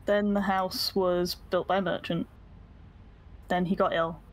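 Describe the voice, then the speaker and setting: A woman's voice: lowish voice, flat delivery, a little slow. Playful woman tabletop player. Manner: playful, laughs often. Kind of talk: casual tabletop game chat.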